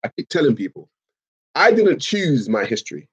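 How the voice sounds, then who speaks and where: A Liverpool man with a slightly husky, breathy voice talks loosely through a livestream, reading viewers' messages and answering them head-on. His talk is slangy and emphatic, full of bro and man. The sound is dull and lo-fi. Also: medium pitch, big pitch swings, normal speed. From England. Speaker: live stream host reading chat. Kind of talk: casual livestream chat.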